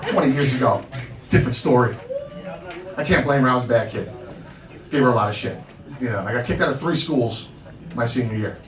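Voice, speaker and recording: This Long Island man in his thirties does stand-up in a small comedy club, telling brash, self-deprecating stories in a brisk, mid-range voice with frequent pauses. The recording captures roomy club sound from a distance over a loud crowd.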